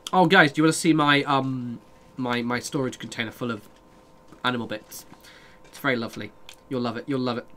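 A young man with a mid-range, sharp-toned voice is live-streaming a game over slight background noise. He chats casually with his viewers, reading their messages aloud, answering them, and swearing freely.

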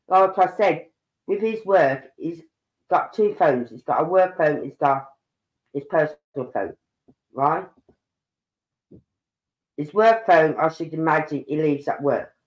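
A woman's voice: low-pitched, measured pace, long pauses, highs cut off. Brief: woman, 50s, true-crime live streamer, opinionated and indignant, roomy echo. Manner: indignant, opinionated, talks straight to viewers. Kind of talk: casual live commentary.

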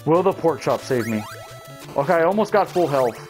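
Brief: young male let's-player, lively voice that jumps high on yells, swears a lot, faint music behind. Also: a little fast. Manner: swears and shouts at enemies, talks to viewers. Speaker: let's play gamer. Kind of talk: casual gameplay commentary.

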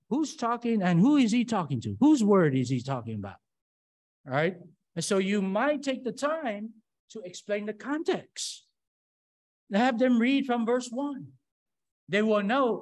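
A preacher delivers a measured, unhurried sermon to a congregation. The delivery is emphatic and regularly pauses for call-and-response. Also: medium pitch.

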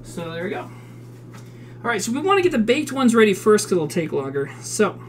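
Woman streamer in a kitchen, foul-mouthed casual cook, swoopy animated voice, noisy stream audio. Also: medium pitch, fairly quick. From South Dakota, US. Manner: profane, chatty, reads recipe steps aloud and answers chat. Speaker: streamer cooking live. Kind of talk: casual live-stream chat while cooking. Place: home kitchen.

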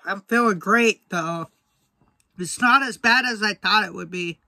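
A young man vlogging casually to camera, mouth burning from spicy food, talking slowly with breathy sighs between short remarks. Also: sits high, sharp tone, dry recording, clean studio sound. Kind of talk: casual vlog talk to camera.

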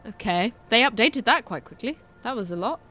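A woman's voice: a little high, animated, brisk, pushed and bright, faint music behind. A young woman commentating a game she is playing for the first time, reacting to what she sees with frequent laughs and nervous exclamations. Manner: reactive, giggly, easily spooked. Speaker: game streamer. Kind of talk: let's play commentary.

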